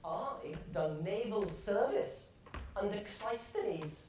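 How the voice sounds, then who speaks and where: A young woman acting the god Dionysus on stage, a vain, boastful male god who complains loudly. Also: mid-range voice, expressive, takes it slowly, noisy background. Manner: indignant, theatrical. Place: theatre stage. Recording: echoey hall, far from the mic.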